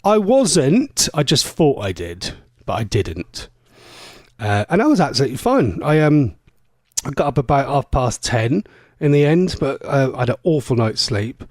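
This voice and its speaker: A man's voice: medium pitch, big pitch swings, normal speed, no room sound. A man, a radio presenter telling long rambling stories in casual chat, full of fillers and self-corrections.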